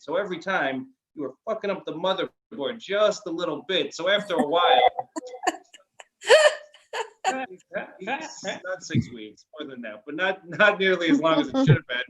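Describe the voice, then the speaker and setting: A man with a Chicago accent telling a deadpan stand-up story. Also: a little high. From Chicago area. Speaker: stand-up comedian. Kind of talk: online stand-up set. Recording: lo-fi stream audio.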